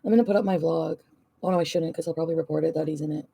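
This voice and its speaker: A woman's voice: low-pitched, fairly even intonation, rapid-fire, vocal fry, dark tone, husky, no room sound, studio quality. A woman vlogger venting and ranting, swearing often and rambling. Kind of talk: ranting vlog.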